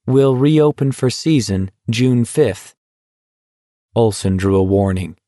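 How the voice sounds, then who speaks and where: In a fairly low voice, a man reads scripted audiobook narration steadily and with measure. The audio is dry, clean studio sound.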